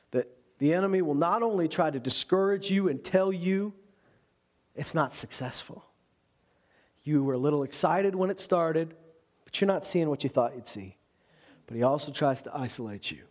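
A man who is a pastor delivering an animated sermon, mixing humor with earnest exhortation. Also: a little high. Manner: animated preaching with humor and acted-out voices.

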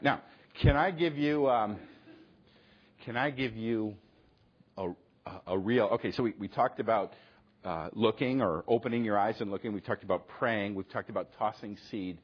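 Husky pastor preaching with "okay?" checks. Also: male voice, fairly low pitch, dull audio. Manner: conversational, acts out quoted exchanges, frequent "okay?". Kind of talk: sermon.

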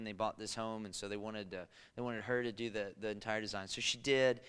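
A pastor preaching a sermon, telling funny anecdotes in a conversational way. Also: male voice, mid-range voice, sharp tone, smooth, in a large hall. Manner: storytelling, conversational and humorous.

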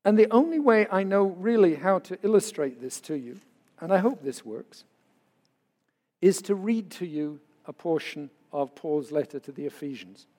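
An older man, a pastor, preaching in an earnest, conversational way and telling personal stories. His voice sits high for a man. Long reverb trails behind him as it carries through a hall. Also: expressive, moderate pace, darkish tone. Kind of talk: sermon.

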